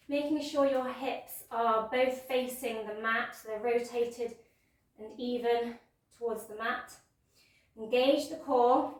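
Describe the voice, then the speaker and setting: Woman yoga teacher, playful gentle cueing, higher voice, very echoey room, mic set back. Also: distant mic. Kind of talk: guided yoga class instruction.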